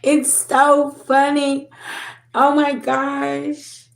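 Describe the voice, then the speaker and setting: A woman mimicking a gloating onlooker who mocks someone's troubles in a shrill, drawn-out voice. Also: monotone, vocal fry, reverberant, exaggerated voice. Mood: mocking.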